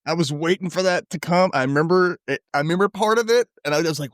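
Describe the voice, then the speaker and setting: A man co-hosting a podcast, chatting casually about an episode and getting excited as he recalls scenes. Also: fast talker, no room sound, clean studio sound. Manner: excitable, jumps high in pitch when he gets worked up. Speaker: podcast co-host. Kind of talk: casual recap chat.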